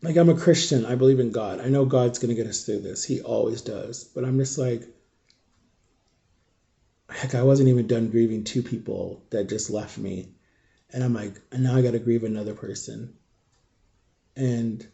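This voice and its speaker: A grieving man speaks to his viewers in a very dark, mellow voice at an ordinary pitch. He talks in halting, raw bursts and often drops almost to a whisper, sounding shaken. It is an emotional storytime vlog. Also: gravelly. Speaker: vlogger.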